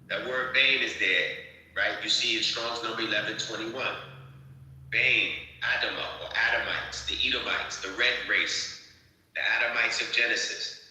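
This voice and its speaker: A man's voice: mid-range voice, sharp tone, very echoey, low-quality recording. A man reading scripture aloud and explaining it patiently in an online debate. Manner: slow, patient, tells others to relax. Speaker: discussion participant.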